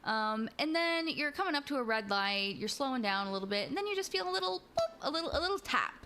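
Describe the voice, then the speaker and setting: A woman hosting a stream, chatting casually in an animated way with many restarts. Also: high-pitched, fast, slight background noise. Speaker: streamer host. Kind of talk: casual reaction chat.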